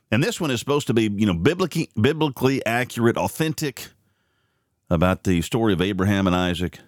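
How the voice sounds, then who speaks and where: A man's voice: dry recording, clean studio sound. A man hosting a morning radio and podcast program, rambling and opinionated in casual commentary. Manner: opinionated, rambling, animated pitch swings.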